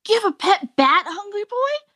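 A woman's voice: extremely high pitch, sing-song, normal speed, bright, forceful tone, no echo. A woman co-hosting a casual podcast, bubbly and giggly, chatting animatedly. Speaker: podcast co-host. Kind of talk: casual chat.

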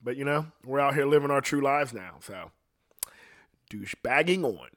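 A middle-aged man holds forth in a loose, profane rant, rambling from one story to the next. His voice sits at an ordinary middle pitch, and he drops into quick quoted voices as he tells it. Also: lively intonation, fairly bright tone. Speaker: podcast host.

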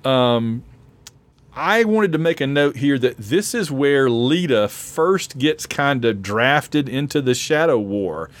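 A man's voice: mid-range voice, lively intonation, takes it slowly, dry recording. Chatty man losing his voice. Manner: chatty fan, laughs often, restarts sentences. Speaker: podcast co-host. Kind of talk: casual chat.

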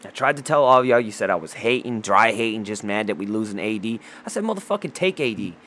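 A man's voice: on the low side, steady tone, quick pace, fairly bright tone, slight background noise. A man ranting casually about basketball, heated and profane, full of trash talk, restarts and rambling asides. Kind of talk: casual sports rant.

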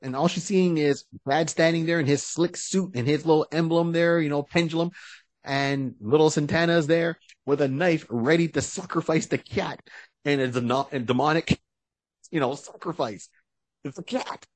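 A man co-hosting a podcast, casually retelling a comic book story in an animated way and slipping into short character voices. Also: fairly high pitch, normal speed, no echo. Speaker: podcast co-host.

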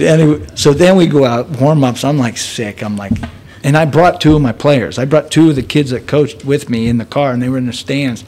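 A man's voice: fairly high pitch, fairly quick, a little mellow, a little hiss or hum. Chatty man in his thirties telling a story. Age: 30s. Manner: chatty, laughs often, restarts. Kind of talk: casual storytelling chat.

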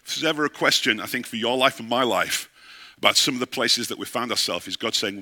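A man's voice: medium pitch, quick pace, sharp tone. A middle-aged man, a pastor, preaching a sermon and telling a story, often asking his listeners questions.

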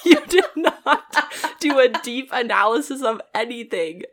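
Giggly young woman with a lively voice. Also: a little high. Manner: giggly, teasing, quick reactions. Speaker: podcast co-host. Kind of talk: casual chat.

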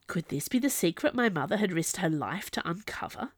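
A woman reading a story aloud as narrator, in an expressive, lively storytelling manner. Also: on the low side, brisk, few pauses, breathy edge, dry recording, studio quality. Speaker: audiobook narrator. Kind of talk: scripted narration.

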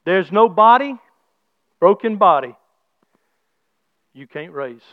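A middle-aged man preaching a sermon as pastor, his delivery swinging from soft low talk to shouted praise, with folksy church grammar. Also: big pitch swings, takes it slowly, no room sound. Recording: slightly dull lo-fi sound.

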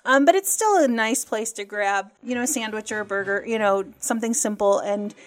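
A woman's voice: fairly high pitch, fairly quick. A woman co-hosting a podcast in casual chat, friendly and enthusiastic as she gives recommendations. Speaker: podcast co-host.

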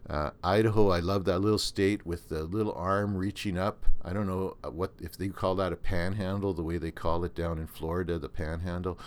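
A man's voice: sits low, steady tone, brisk, few pauses. An older man with a Canadian accent hosting a podcast, talking in a rambling, earnest way with many restarts and fillers. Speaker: podcast host. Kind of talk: casual monologue.

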